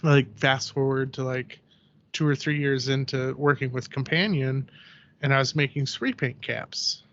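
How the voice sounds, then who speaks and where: A man's voice: mid-range voice, unhurried, muffled recording. A man, a guest on a podcast, chatting casually and telling anecdotes in which he acts out what people said. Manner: animated storyteller who acts out quoted voices, heavy use of "like". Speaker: podcast guest, ceramic artist.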